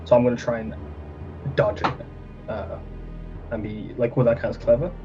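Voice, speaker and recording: A man's voice: medium pitch, flat delivery, normal speed. Man thinking aloud as a player, muffled. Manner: hesitant, filler-heavy, thinking aloud. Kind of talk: casual tabletop role-playing. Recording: muffled audio with background music.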